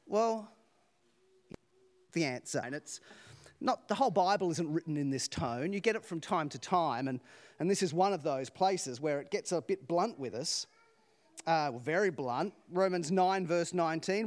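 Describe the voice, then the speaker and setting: A man preaching a sermon, telling a joke with lively rhetorical questions and laughing at his own lines. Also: a little high, moderate pace.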